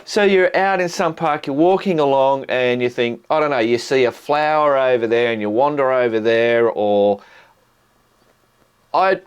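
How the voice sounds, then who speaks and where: A middle-aged Australian man talks straight to camera in a relaxed, laddish vlog style. His voice sits in an ordinary middle register. He swears freely and fills his pauses with ums and uhs. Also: mid-range voice, clear, resonant tone, highs cut off. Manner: blokey and animated, swears a lot, lots of ums and uhs. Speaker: motorcycle vlog host. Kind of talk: casual vlog chat.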